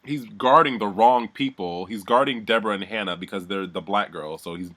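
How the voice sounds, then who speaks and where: A man's voice: lowish voice, fairly quick, sharp tone. A man giving a heated, profane recap of a reality show, talking animatedly and mimicking the people he describes. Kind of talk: heated casual recap rant.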